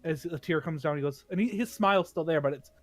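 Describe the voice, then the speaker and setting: A man's voice: on the high side, quick pace. A man playing in a tabletop game, animatedly narrating what his character does. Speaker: player.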